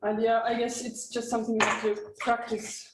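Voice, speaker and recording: A woman's voice: fairly high pitch, little pitch movement, normal speed, echoey room, heavy background noise. Modest young woman heard from a distance. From Estonia. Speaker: guest horn student. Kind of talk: casual interview answers.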